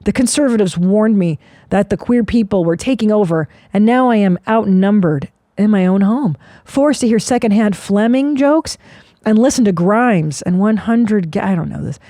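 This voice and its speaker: A woman's voice: medium pitch, lively intonation, normal speed, dark tone, no echo, clean studio sound. A woman in her forties hosting a comedy podcast, riffing in a sarcastic, profane way. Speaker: podcast host.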